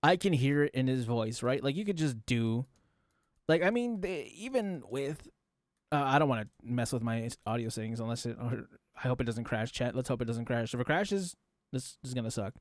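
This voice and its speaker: A man's voice: medium pitch, animated, normal speed, no room sound, studio quality. A man streaming a casual reaction commentary, rambling and talking straight to his chat while demonstrating voice tricks.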